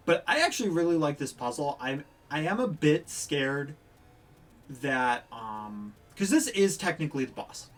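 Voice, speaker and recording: Animated streamer commentating gameplay, a bit off-mic. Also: medium pitch, distant mic. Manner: excitable, swings into loud frustrated outbursts. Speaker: livestreamer.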